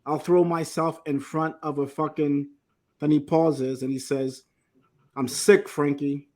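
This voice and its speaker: A man hosting an interview and reading out quoted lines from a transcript, slowly and carefully. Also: on the high side, flat delivery, darkish tone. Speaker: podcast host.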